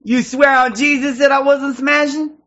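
A man in online voice chat, taunting others and shouting in mock voices. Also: very high voice, little pitch movement, moderate pace, lo-fi sound. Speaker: voice chat troll.

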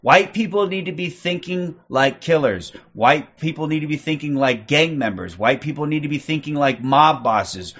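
Forties male streamer, high-ish voice, abrasive and profane, muffled lo-fi audio. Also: animated, moderate pace, few pauses, fairly bright tone, husky. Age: 40s. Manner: profane, aggressive, repeats "okay?" constantly. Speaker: livestream host. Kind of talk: ranting livestream commentary.

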